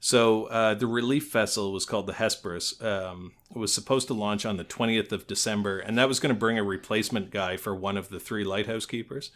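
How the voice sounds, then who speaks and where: Low, bright-toned nasal man telling a story. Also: steady tone, fairly quick, hardly any pauses. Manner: rambling storyteller, swears and laughs at himself. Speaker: podcast co-host. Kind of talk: casual chat.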